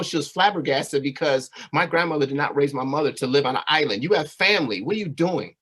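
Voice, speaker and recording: A man's voice: on the high side, lively intonation, fast, few pauses, fairly bright tone, breathy edge. A man giving a personal storytelling talk to a community audience, earnest and conversational, often checking in with "right?" and "you know". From California. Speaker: community speaker.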